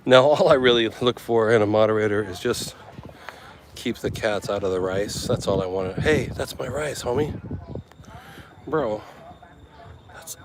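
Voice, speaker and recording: A man's voice: fairly low pitch, unhurried, long pauses, noisy background. A man walking through a seaside town outdoors, chatting casually and joking for his travel vlog. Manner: joking, chatty, thinking aloud. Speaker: travel vlogger.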